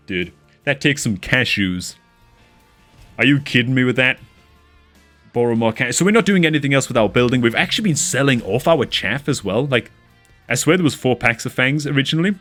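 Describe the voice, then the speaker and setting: Excitable man casting a strategy game. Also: mid-range voice. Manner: excitable, exclaims often, calls viewers dude and man. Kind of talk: excitable gameplay commentary.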